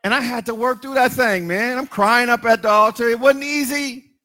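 At normal speed, a middle-aged male pastor gives a sermon in a high, bright voice, alternating hushed asides with lines he sings and shouts.

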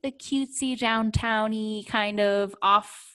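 A woman's voice: medium pitch, fairly even intonation, slow pace, pushed and bright, smooth, rough recording. Chatty woman rambling with fillers. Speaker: guest. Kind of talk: casual chat.

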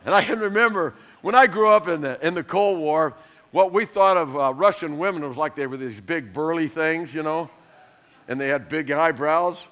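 A middle-aged man preaching a sermon, lively and emphatic, telling funny stories and laughing along. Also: fairly high pitch, moderate pace. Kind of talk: sermon with humorous storytelling.

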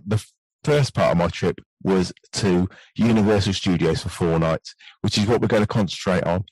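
A British man hosting a podcast in a gentle, soft-spoken way. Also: on the low side, no echo, poor audio. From United Kingdom. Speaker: podcast host. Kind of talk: casual podcast chat.

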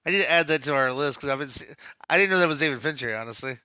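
A man's voice: a little high, pushed and bright, smooth, no room sound, muffled recording. A man hosting a casual podcast chat, jokey and laughing between remarks. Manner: jokey, laughing, quick asides.

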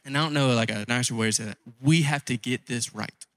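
A man's voice: mid-range voice, fast talker, a bit bright, no room sound. A man preaching a conversational sermon as a pastor, pressing his points by repeating key phrases.

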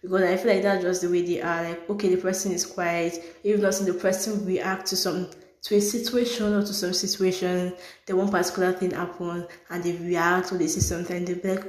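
A woman's voice: on the low side, flat delivery, fairly quick. Blunt, sarcastic woman in a roomy space. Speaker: podcast host. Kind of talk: solo podcast chat. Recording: roomy echo.

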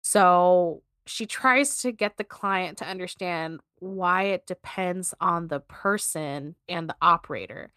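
Animated woman retelling a story, dry sound. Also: lowish voice, takes it slowly, few pauses, clear, resonant tone, dry recording. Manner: animated, swears freely, laughs between lines. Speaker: podcast co-host. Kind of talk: casual chat retelling a short story.

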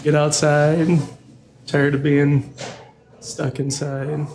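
A man with a somewhat high, gravelly voice, talking very slowly as a guest in a casual podcast chat. He sounds laid-back, and there is a faint hum of noise behind him. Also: completely flat delivery, darkish tone.

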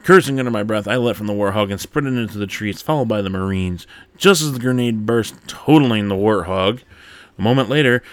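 A man hosting a podcast, reading a game blog post aloud and breaking off to laugh and comment excitedly. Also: fairly low pitch, brisk, no echo. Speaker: podcast host.

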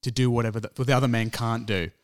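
A man's voice: medium pitch, steady tone, fast. A man co-hosting a film review podcast, chatting casually and often restarting his sentences. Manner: rambling, many restarts and fillers. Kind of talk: casual chat.

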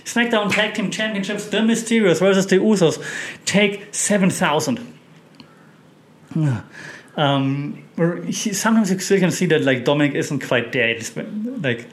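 A man's voice: high-pitched, lively intonation, a little slow. A man hosting a casual wrestling recap, chatty and opinionated, with many fillers and restarts. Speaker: wrestling podcast host.

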